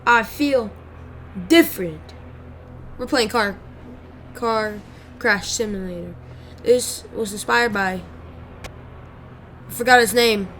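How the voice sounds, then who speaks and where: Rambling, excitable young woman gamer. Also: mid-range voice, takes it slowly, pauses often, noisy background. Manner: rambling, excitable, yelps and shrieks at crashes. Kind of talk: casual gameplay commentary.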